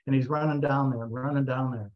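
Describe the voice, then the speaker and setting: A man telling a story in a talk, narrating in an animated way and voicing the people in it. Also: mid-range voice, fast. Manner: animated narration with voiced quotes. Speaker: speaker. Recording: slightly muffled recording.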